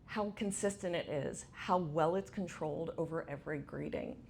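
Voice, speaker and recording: A woman's voice: deep voice, normal speed, creaky, darkish tone, slight background noise. A middle-aged woman giving a conference talk, chatty, asking the audience questions. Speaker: conference speaker. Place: event space with audience.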